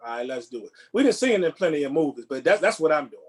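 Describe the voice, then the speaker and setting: A man with a slightly raised pitch chats loosely as a podcast co-host. He rambles, doubling back on words and restarting sentences in an easygoing way. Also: very animated, fast, slightly rough. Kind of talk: casual chat.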